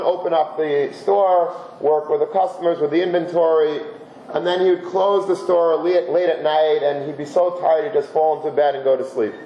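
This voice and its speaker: A man, a rabbi, giving a Torah lesson in a conversational, animated storytelling way, with many Hebrew terms. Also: fairly high pitch. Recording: roomy dull lecture recording with faint hiss.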